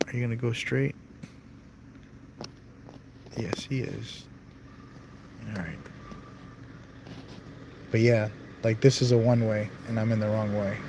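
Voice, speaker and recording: A man's voice: fairly low pitch, steady tone, takes it slowly, pauses often, background noise. A man giving casual, chatty commentary to himself while driving, jumpy and self-talking. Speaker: vlog host. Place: inside a car while driving.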